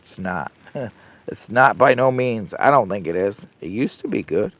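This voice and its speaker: A low, gravelly-voiced older man hosts a casual camping livestream from inside a heated tent. He rambles in a folksy, easygoing way, chatting with viewers between sips of coffee. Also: expressive, normal speed. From Michigan. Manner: rambling, folksy, talks to chat and his dog. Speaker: camping channel host.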